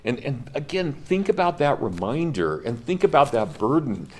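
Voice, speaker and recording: A man's voice: medium pitch, big pitch swings, moderate pace, darkish tone. A man in his fifties giving a college history lecture, speaking with passion and emphasis and talking directly to his students. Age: 50s. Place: classroom.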